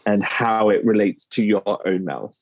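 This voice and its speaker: A man's voice: lowish voice, moderate pace, no room sound. A British man, a dialect coach, explaining his work in conversation and acting out quoted phrases. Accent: British English. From United Kingdom. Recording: slightly dull lo-fi sound.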